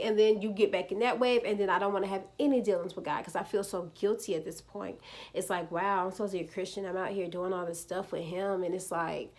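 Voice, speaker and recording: Speaking quickly in a steady, darkish mid-range voice, a twenty-something vlogger gives a casual personal testimony about her faith. She's chatty, uses lots of "like" fillers, and talks to her viewers as "y'all."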